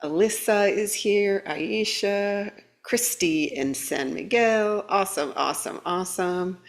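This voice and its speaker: A woman hosting a casual spiritual live stream. She greets viewers by name, laughs often, and uses playful sound words with quick jumps in pitch. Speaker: spiritual livestream host.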